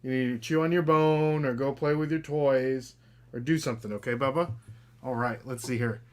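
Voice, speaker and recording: A man's voice: mid-range voice, steady tone, normal speed, background noise. Chatty man hosting a casual podcast. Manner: loose and chatty, many fillers, talks to his dog. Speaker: podcast host. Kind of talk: casual live podcast chat.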